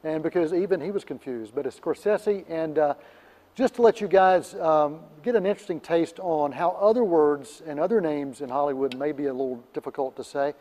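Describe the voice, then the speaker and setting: A man chats casually as a film critic co-host. His voice sits a little high and he rambles through fillers and restarts. There is a long reverb tail on the recording. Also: a little fast, mellow. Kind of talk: casual radio chat.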